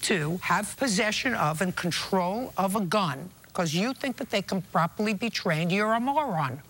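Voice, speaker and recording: A woman's voice: medium pitch, normal speed, fairly bright tone, husky. Woman, TV courtroom judge: blunt, scolding, sarcastic. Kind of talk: courtroom judgment. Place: TV courtroom set.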